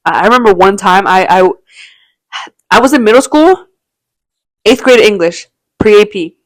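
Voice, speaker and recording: A woman's voice: mid-range voice, lively intonation, moderate pace, no room sound. A young woman in her twenties, a podcast co-host telling long rambling stories in slangy casual chat, full of "bro" and swearing.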